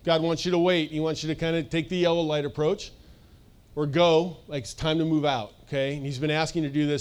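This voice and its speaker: A middle-aged man preaching a sermon as pastor, energetic and conversational, joking with the congregation. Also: fairly high pitch, fast talker, smooth. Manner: energetic, conversational, sings snippets and jokes with the audience.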